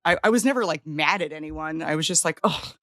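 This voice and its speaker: A woman's voice: sits low, fast, a bit bright, dry recording, studio quality. A woman co-hosting a TV rewatch podcast, chatting casually in an emphatic, self-mocking way. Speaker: podcast co-host. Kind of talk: casual chat.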